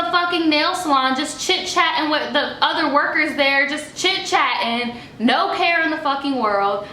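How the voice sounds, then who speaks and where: A young woman telling a storytime vlog in a sassy, profane, animated way, in an echoey room with faint music. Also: high-pitched, slight background noise. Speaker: vlogger.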